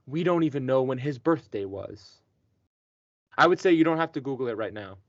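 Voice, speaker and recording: A man's voice: medium pitch, expressive, moderate pace, dry recording. Encouraging male tutor, dry dull recording. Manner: patient, encouraging, checks with "right?". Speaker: teacher. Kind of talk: one-on-one tutoring session.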